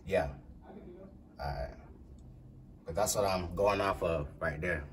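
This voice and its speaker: Low-voiced man talking loosely in a studio. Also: far from the mic. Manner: loose, halting, explaining. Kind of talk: casual studio talk.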